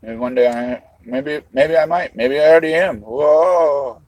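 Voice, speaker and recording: A man's voice: a little high, a little slow, darkish tone, dry recording, rough recording. A man hosting a live stream, rambling to his chat while eating, swearing casually as he goes. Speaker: livestream host.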